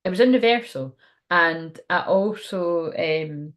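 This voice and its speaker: A young woman with a lowish voice speaks slowly while giving a casual, frank tarot reading on a livestream. As the tarot card reader, she laughs often and swears now and then.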